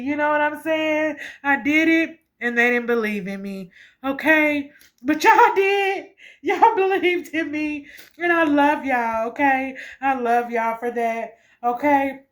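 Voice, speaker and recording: A woman's voice: high voice, unhurried, fairly bright tone. A woman hosting her spiritual vlog, emotional and grateful, tagging nearly every sentence with "okay" and breaking into laughter. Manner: emotional, repeats "okay" often; laughs and gushes with gratitude. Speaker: spiritual channel host.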